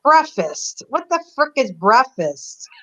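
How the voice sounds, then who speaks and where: A woman's voice: sits high, very animated, takes it slowly, a bit bright. A woman hosting a livestream chat, rambling and laughing easily about herself. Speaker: livestream host. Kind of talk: casual chat. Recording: dull lo-fi stream audio.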